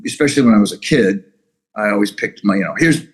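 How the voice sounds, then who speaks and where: A man's voice: lowish voice, lively intonation, quick pace, slightly rough, rough recording. A man being interviewed as a guest musician, talking loosely and rambling with many restarts. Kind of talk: casual interview chat.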